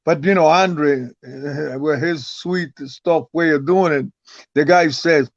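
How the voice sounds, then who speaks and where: An older man tells a story as a guest, rambling along and tripping over repeated words. His voice sits a little high. The recording is dull and lo-fi with a very dry sound. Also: slow pace, dry recording. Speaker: guest, retired wrestler. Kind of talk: casual storytelling interview.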